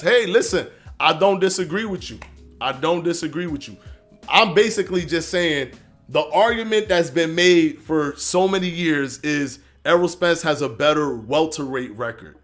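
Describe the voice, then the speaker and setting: A man hosting a live stream, arguing his points and answering chat comments in a casual, animated way. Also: on the high side. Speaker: livestream host reading chat.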